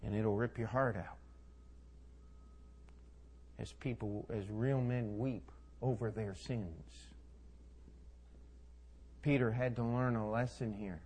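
A male preacher delivering a sermon, retelling scripture with folksy asides and dramatic swings between soft and loud. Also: on the low side, fairly even intonation, takes it slowly, pauses often, husky.

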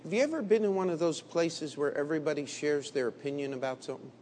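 A man preaching a sermon in a blunt, combative way, dropping to low murmurs and rising to loud emphatic bursts. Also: quick pace, a little hiss or hum. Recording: long hall reverb.

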